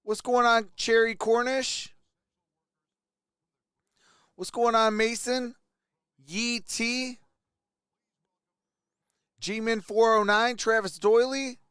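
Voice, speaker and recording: A man hosting a casual live stream with a hoarse, worn-out voice, who greets viewers one by one and laughs often. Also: extremely high pitch, level tone, drawn-out words, long pauses, fairly bright tone, no echo, studio quality. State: hoarse, voice nearly gone. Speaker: livestream host.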